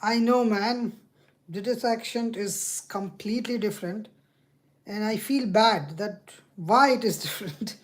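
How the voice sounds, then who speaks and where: A woman hosting a casual chat, speaking slowly and repeating words. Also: mid-range voice. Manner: slow, drawn-out speech with repeated words. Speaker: video host.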